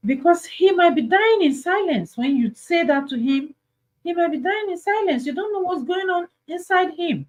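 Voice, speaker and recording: A woman's voice: very high-pitched, animated, normal speed, low-quality recording. A Nigerian woman hosting an advice talk, speaking earnestly and pleading, repeating her points for emphasis. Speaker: host.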